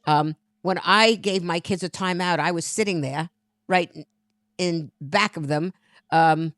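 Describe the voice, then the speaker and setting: A woman's voice: fairly low pitch, measured pace, no room sound, studio quality. A woman in her nineties giving patient, motherly advice in a casual chat. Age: 90s. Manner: motherly, patient, gently instructive.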